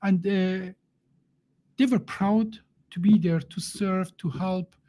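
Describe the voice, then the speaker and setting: A man's voice: sits high, fairly even intonation, dark tone. Guy hosting a live chat, lots of uh and restarts, jokey, laughs a lot. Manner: halting, many fillers and restarts, non-native grammar. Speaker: host. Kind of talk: casual live-stream conversation.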